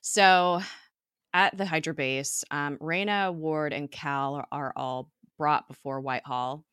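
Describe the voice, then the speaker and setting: A woman's voice: sits low, steady tone, slow pace, a bit bright, smooth, dry recording, studio quality. Chatty, giggly young woman recapping a show. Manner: chatty, giggly, many fillers and asides. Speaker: TV episode recapper. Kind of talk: casual episode recap chat.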